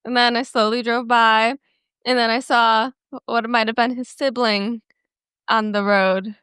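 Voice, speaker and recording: A woman co-hosts a casual podcast, rambling easily through anecdotes with plenty of fillers. Her voice is bright, smooth and a touch high. The recording is close and dry. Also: little pitch movement, unhurried, no echo. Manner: easygoing, rambling with many fillers. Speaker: podcast co-host. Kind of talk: casual chat.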